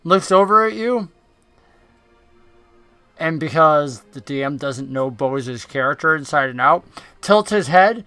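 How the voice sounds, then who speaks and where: Bright-voiced man running a tabletop game. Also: on the high side, lively intonation, unhurried, long pauses, clean tone, faint music behind. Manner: casual, describes scenes with filler words. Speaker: dungeon master.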